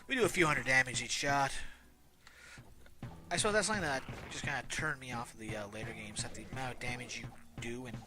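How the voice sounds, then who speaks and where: A man's voice: mid-range voice, quick pace. Rambling man in his thirties streaming. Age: 30s. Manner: rambling, self-mocking asides. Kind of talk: casual gameplay commentary. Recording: game music playing behind.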